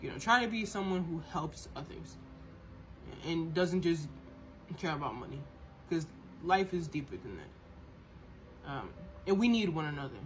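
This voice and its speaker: A woman's voice: sits low, expressive, measured pace, slight background noise. A woman hosting a podcast, ranting in a heated, profane monologue and often repeating and restarting words as she gets worked up. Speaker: podcast host.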